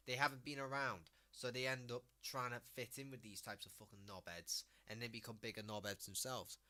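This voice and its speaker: Scouse streamer, male; blunt, sweary, mocking rant; very bright, ringing tone. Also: medium pitch, little pitch movement, a little fast. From Liverpool, England. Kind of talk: casual ranting commentary.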